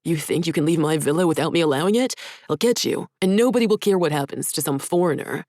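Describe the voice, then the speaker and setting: A woman voicing a panicked, furious male lord in a storybook reading, speaking in loud agitated outbursts. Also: low voice, fast talker, no room sound, studio quality.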